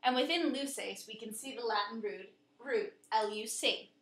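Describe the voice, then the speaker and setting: A woman narrating a scripted lesson in a clear, steady way, slowing down to spell out and pronounce words. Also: on the high side, echoey room. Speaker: teacher.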